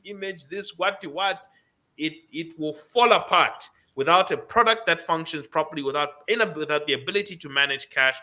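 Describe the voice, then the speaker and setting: A man's voice: high-pitched, bright, forceful tone. A man hosting a radio business show, giving emphatic advice and repeating his key points. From Zambia.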